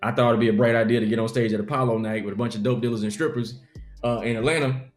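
A man's voice: medium pitch, racing, roomy sound, faint music behind. A young adult man, a comedian, telling his life story in an interview and acting out the people in it. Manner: animated storyteller acting out quotes.

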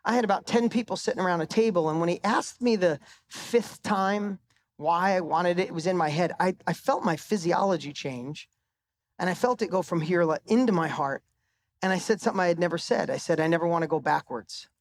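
A man's voice: high voice, a little fast. Emphatic man telling a stage story. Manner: emphatic storytelling, swearing, voice rising for punchlines. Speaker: motivational speaker. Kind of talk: live motivational stage talk. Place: live event stage.

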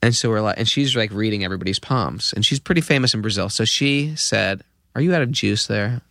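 A man in his fifties, a podcast guest, telling an anecdote with lively acted-out quotes. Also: on the low side, brisk, gravelly, no room sound. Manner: lively storyteller acting out quoted voices. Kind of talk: anecdotal storytelling.

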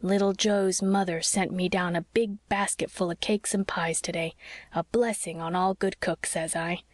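A woman's voice: on the low side, steady tone, normal speed, no echo, studio quality, lightly acted. A woman voicing a kindly old sea captain with folksy, old-fashioned speech in an audiobook. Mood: hospitable. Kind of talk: audiobook character reading.

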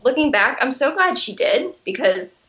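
A woman's voice: high voice, big pitch swings, moderate pace, fairly bright tone. A young woman talking candidly and earnestly about a hard personal experience, her voice sometimes catching with emotion. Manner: earnest, emotional, trails off into laughter. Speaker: guest sharing recovery story. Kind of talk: candid conversation.

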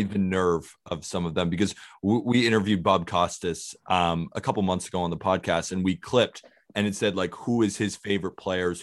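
Male podcast host, lowish voice, easygoing interviewer. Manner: relaxed, asks questions, laughs along. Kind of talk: casual chat.

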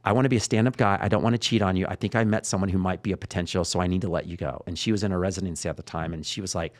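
A middle-aged man talks fast in a slightly low voice, rambling through stories as a podcast guest. He drops into the voices of the people in his stories. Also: steady tone. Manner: rambling storyteller who acts out dialogue. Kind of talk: casual interview talk.

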